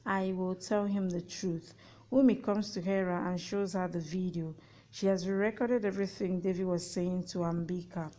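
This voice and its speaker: A woman narrating a TV plot recap, reading out every character's lines in an even, matter-of-fact way. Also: fairly low pitch, moderate pace, low-quality recording.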